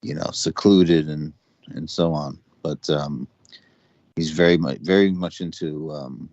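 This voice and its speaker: A man with a very deep voice drifts through a casual chat, full of "you know" and restarts. His audio is dry and a little dull, like an online call. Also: steady tone, unhurried, darkish tone, no room sound. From United States. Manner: rambling, many fillers and restarts.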